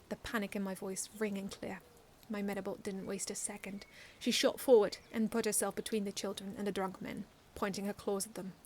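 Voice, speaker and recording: Speaking in a mid-range voice, a woman reads a fan story she wrote in the first person. She reads earnestly and expressively but often starts lines over.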